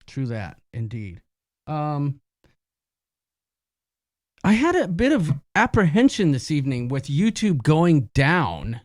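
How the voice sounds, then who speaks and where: A man's voice: a little high, big pitch swings, takes it slowly, long pauses. A man co-hosting a casual live-stream chat in a jokey, chatty way. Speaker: co-host.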